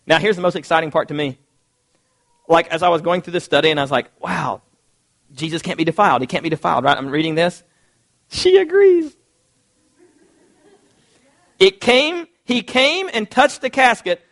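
A man preaching a sermon, reading scripture aloud and acting out quotes in a lively, conversational way. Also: fairly high pitch, moderate pace, pauses often. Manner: animated, conversational, acts out quotes.

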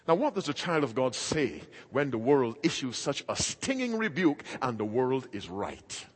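A man's voice: mid-range voice, very animated, moderate pace, few pauses, slightly rough, long reverb tail. A man preaching a sermon in an emphatic, dramatic way, acting out quoted voices.

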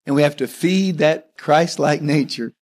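A man's voice: on the high side, measured pace, a little mellow. A middle-aged man co-hosting a talk on marriage, mixing jokes with plain teaching and a quoted scripture verse. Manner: joking, then plain teaching. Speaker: co-host speaking about marriage.

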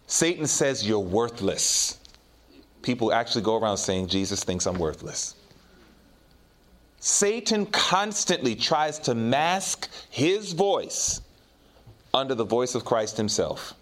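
A man preaching a sermon, swinging from raised exhortation to low, quiet storytelling. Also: big pitch swings, slow. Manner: preaches in rising and falling swells, drops low and quiet for personal stories.

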